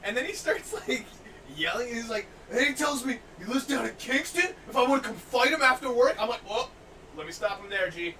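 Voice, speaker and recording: A young man hosting a podcast, telling stories in an animated way, laughing often and loudly acting out what people said. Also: very high voice, fairly quick. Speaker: podcast host. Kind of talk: casual storytelling chat. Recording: distant mic, faint noise.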